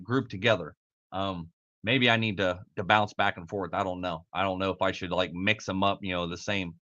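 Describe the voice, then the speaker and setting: A man with a lowish, bright voice and a forceful tone hosts a live podcast, and the audio sounds dull. His talk is casual and profane, full of swearing, and he laughs off his own slip-ups.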